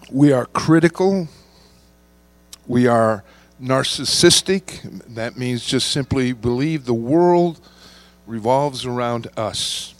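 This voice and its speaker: A male pastor delivers a sermon in an unhurried, deliberate way, drawing out key words for weight. His voice sits at an ordinary pitch and sounds dry and close, with a faint electrical hum running underneath. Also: dry recording. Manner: measured preaching, slowing to stress key words.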